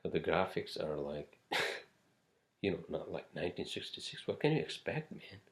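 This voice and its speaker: A man's voice: low voice, sing-song, normal speed, a bit bright. A man hosting a casual solo podcast, rambling from topic to topic with frequent swearing and fillers. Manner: rambling, profane, many fillers and asides. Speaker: podcast host.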